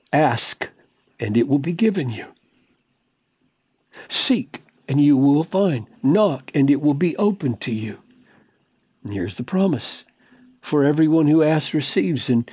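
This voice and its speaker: Man, pastor, Bible teaching, emphatic, rhetorical questions, low hushed drops, fairly high voice, dry close sound. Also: dry recording.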